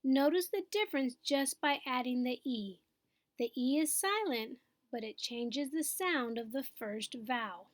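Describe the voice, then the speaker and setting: Slow, patient, high-voiced woman teacher. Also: expressive, dry recording. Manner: patient, explains step by step, checks in with "okay?". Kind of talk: phonics lesson.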